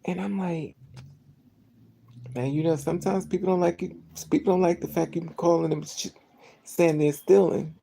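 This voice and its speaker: A vlogger talking straight to the camera in a loose, rambling monologue, with a gravelly, fry-edged voice. The tone is dark and mellow, and the delivery keeps restarting sentences and slipping into acted-out dialogue. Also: medium pitch, normal speed, pauses often, slight background noise. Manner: rambling, animated, acts out dialogue, many restarts. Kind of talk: casual storytelling monologue.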